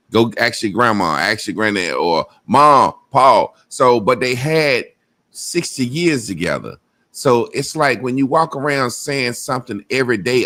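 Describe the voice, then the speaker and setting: A man's voice: medium pitch, a bit bright. A man hosting a podcast, talking candidly and rambling, often checking in with "you know what I'm saying?". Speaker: podcast host. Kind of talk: casual chat.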